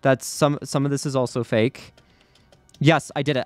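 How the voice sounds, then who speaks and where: Man, gaming commentary, nervous and repetitive, mid-pitched voice, dry close mic, faint music behind. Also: normal speed, dry recording. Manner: anxious, repeats himself under pressure. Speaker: gaming YouTuber. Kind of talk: live gameplay commentary.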